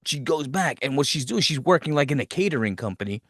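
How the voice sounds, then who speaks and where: Animated, foul-mouthed male podcast host. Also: mid-range voice, quick pace, no room sound, clean studio sound. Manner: profane, animated storytelling. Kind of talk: casual movie review rant.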